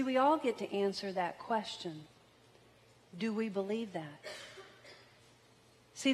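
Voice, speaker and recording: A woman preaching at a slow, unhurried pace, leaning on single words and letting them hang. Her voice carries a long reverb, as in a church hall. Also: mid-range voice. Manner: slow, deliberate preaching with emphatic drawn-out words. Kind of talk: sermon.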